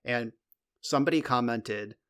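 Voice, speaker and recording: A man's voice: mid-range voice, moderate pace, fairly bright tone, clean tone. A man co-hosting a podcast in casual chat, rambling with lots of fillers and the odd swear, speaking from a home recording room. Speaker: podcast co-host.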